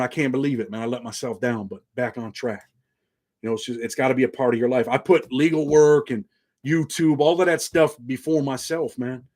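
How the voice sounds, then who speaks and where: A man's voice: medium pitch, a little mellow. A man in his forties from New York with a slight Southern country twang, hosting a casual, streetwise monologue and calling his viewers "man" constantly. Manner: laid-back, streetwise, drops "man" constantly. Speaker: channel host.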